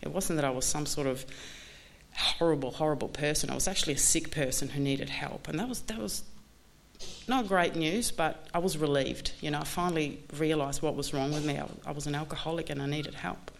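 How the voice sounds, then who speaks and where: A woman candidly telling her recovery story in a halting, earnest way, full of restarts. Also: deep voice, gravelly, a little hiss or hum. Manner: candid, halting, many restarts and you-knows. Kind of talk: personal testimony talk.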